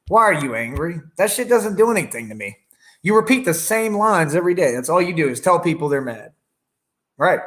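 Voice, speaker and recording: Guy ranting on his live, bragging and trash talking, kinda high voice. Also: a bit bright. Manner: taunting, boastful, profane; talks over his own song playing. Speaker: livestreamer. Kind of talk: combative livestream rant.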